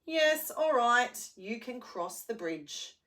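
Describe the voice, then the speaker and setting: A woman doing a big scary troll from a storybook, male, greedy, loud and menacing, bellowing high and bright with wide swings, slow and drawn out. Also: very animated, exaggerated voice. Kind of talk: storybook read-aloud.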